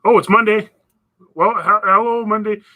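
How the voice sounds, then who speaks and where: A man's voice: high voice, steady tone, normal speed, sharp tone, rough recording. A man from northern Canada hosting a casual live stream, rambling and chatting as he reads viewer messages. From Northwest Territories, Canada. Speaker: livestream host.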